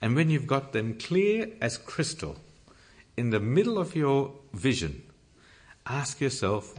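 A man's voice: medium pitch, sing-song, slow, a little mellow. A man preaching a sermon, reading scripture and pressing his points earnestly. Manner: earnest, emphatic, rising to stress key points.

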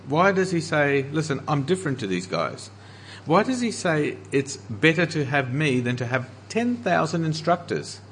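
An earnest man preaching a sermon as pastor, slowing down to stress the scripture he quotes. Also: fairly high pitch, slight background noise.

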